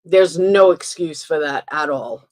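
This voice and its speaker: A woman's voice: deep voice, measured pace. A woman hosting a commentary stream, giving emphatic, opinionated reactions in a casual way. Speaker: commentary channel host.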